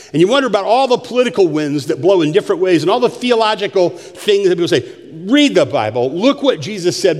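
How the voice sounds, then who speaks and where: A man preaching a sermon, animated and joking, asking the congregation questions. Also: high voice. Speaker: pastor. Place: church sanctuary. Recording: long hall reverb.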